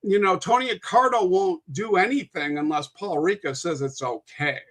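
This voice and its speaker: A man with a high, bright voice chats casually as a podcast guest. He rambles through long stories, restarting sentences and swearing now and then. He sounds like an unscripted conversation. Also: moderate pace. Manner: rambling, with frequent restarts and profanity.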